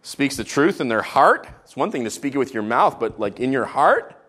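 A man preaching a sermon, raised in Israel, animated and jokey, swinging between loud emphatic lines and sudden quiet, hushed ones. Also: mid-range voice, normal speed, breathy edge. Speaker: pastor.

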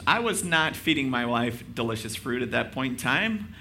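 A man's voice: medium pitch, big pitch swings, moderate pace, sharp tone, a little hiss or hum. A male pastor preaching a sermon in a casual, conversational way. He makes self-deprecating jokes and keeps asking his listeners rhetorical questions.

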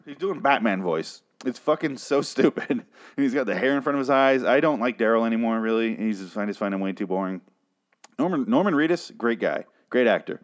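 A man's voice: medium pitch, expressive, a little fast. Profane, ranting male TV reviewer. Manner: profane, exasperated, sarcastic. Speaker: TV episode reviewer.

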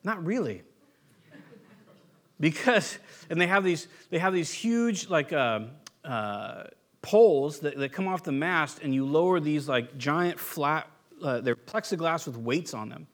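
A man from the United States preaches in a loose, conversational way, circling back and restarting his sentences as he tells stories. His voice sits a little higher than most men's. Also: expressive, slow pace. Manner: conversational storytelling with frequent restarts. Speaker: pastor. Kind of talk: sermon.

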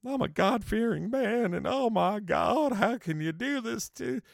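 A man's voice: expressive, unhurried, creaky, no echo, clean studio sound, heavily acted. A man voicing a condemned male horse thief who frantically pleads his innocence at the gallows. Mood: whiny begging. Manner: frantic pleading, high and whiny.

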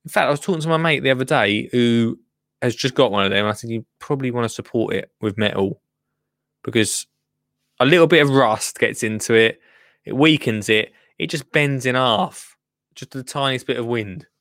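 A man's voice: mid-range voice, moderate pace, a bit bright, no echo, clean studio sound. A man chatting casually as he reacts to a gardening clip, jokey and rambling with many asides. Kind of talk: casual chat commentary.

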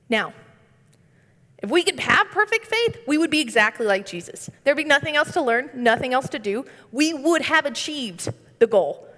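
A woman's voice: high-pitched, a bit bright. Young woman preaching with playful asides. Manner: earnest with light humorous asides. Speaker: speaker giving a devotional. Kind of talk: conversational sermon. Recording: long reverb.

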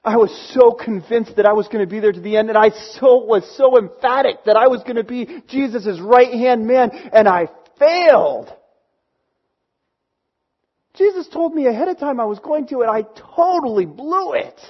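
A man voicing an impulsive fisherman disciple who insists loudly on his loyalty. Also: extremely high pitch, normal speed, hardly any pauses, dull audio, voice pushed up. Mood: dejected. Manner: emphatic, insistent protesting.

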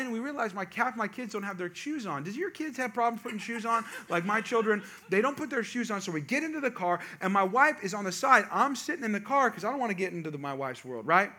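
A high-pitched man tells a funny family story to a live audience, animated and full of jokey asides to the crowd. He talks quickly and chattily, often interrupting himself.

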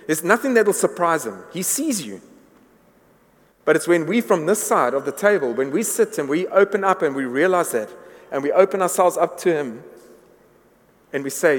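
A man delivers a sermon in a large church hall, his voice trailing off into a long reverb. He speaks earnestly and sits a little high in pitch for a man, and he often stumbles over and repeats words while building toward a point. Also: expressive, moderate pace. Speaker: pastor.

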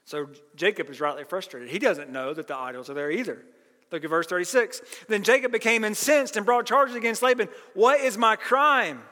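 High, bright-voiced man preaching in a hall. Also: lively intonation, fairly quick. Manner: emphatic, earnest teaching tone. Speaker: pastor. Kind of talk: sermon. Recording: long reverb of a large hall.

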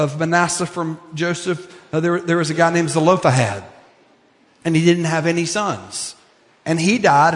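Conversational pastor in an echoing hall. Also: male voice, on the high side. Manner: conversational, animated retelling with fillers. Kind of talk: sermon. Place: church sanctuary. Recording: long reverb of a church hall.

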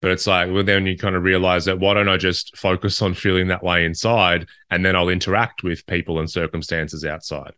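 A man's voice: low voice, flat delivery, fairly quick, few pauses, sharp tone, clear, resonant tone, no room sound, clean studio sound. A man co-hosting a casual podcast chat, reflective and thoughtful. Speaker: podcast co-host.

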